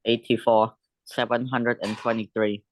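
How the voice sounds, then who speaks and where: A man's voice: mid-range voice, measured pace, slight background noise, rough recording. Man reading a lesson text aloud. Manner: careful, even reading with small restarts.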